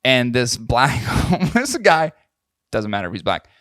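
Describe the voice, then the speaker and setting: A man's voice: mid-range voice, huge pitch swings, moderate pace, a bit bright, no echo, studio quality. A young adult man co-hosting a podcast in casual chat, crude and joking, often laughing as he tells stories. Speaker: podcast co-host.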